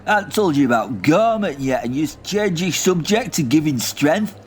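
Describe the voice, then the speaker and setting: A man voicing a rambling, crude old war veteran with a gruff Lancashire accent in a comedy audio drama. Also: fairly high pitch, sing-song, normal speed, a little hiss or hum. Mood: cranky. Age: older. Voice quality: gruff dialect-heavy rambling, confused and crude.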